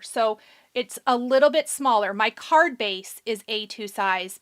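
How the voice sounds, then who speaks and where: A woman's voice: fairly high pitch, animated, slow, fairly bright tone. A woman hosting a live card-making demonstration, chatting casually and answering viewer questions as she works. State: has the hiccups. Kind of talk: live-stream craft demonstration.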